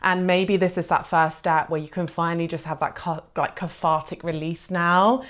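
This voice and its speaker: Woman, low voice, tarot reader; gentle, reassuring, heartfelt delivery. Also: fairly even intonation, normal speed. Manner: gentle, reassuring, heartfelt, many soft fillers. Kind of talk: pick-a-card tarot reading.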